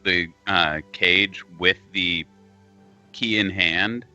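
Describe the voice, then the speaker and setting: A man playing a tabletop game, speaking slowly and deliberately over a voice call. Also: sits low, sharp tone, dull audio, soft background music. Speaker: player.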